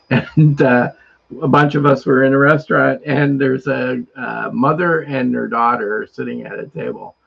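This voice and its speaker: Gravelly husky man chatting casually. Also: medium pitch, steady tone, measured pace, dull audio. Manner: rambling storyteller, laughs often. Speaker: co-host. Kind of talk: casual livestream chat.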